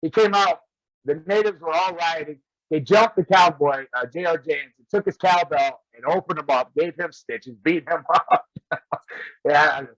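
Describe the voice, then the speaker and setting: A man with a fairly high voice tells rambling stories and breaks into laughter again and again. The sound is dry and a bit dull, like a lo-fi recording. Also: normal speed, a bit bright, dry recording. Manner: laughs often while telling stories. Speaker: guest wrestler. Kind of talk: casual storytelling.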